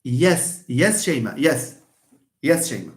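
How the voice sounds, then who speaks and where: A man's voice: mid-range voice, very animated, slow, echoey room. A man teaching English pronunciation in a live online lesson, stressing words and repeating them for emphasis.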